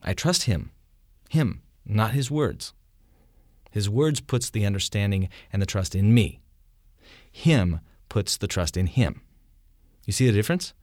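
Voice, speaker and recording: Man, lively rising and falling pitch, lowish voice, theology discussion, explains with examples, dry close sound. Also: unhurried, pauses often, no echo. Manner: animated explainer, shouts quoted lines in vivid examples, asks "you see?".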